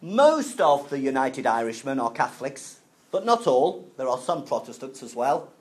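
The recording is low quality, but this male teacher comes across as very animated, his mid-range voice a bit mellow. Giving a history lecture to a class, he stumbles along with plenty of fillers and restarts while keeping explanations simple for students.

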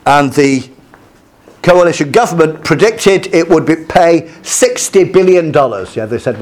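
A man's voice: fairly high pitch, animated, unhurried, a little mellow. Hesitant male lecturer with many fillers. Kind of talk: lecture with slides.

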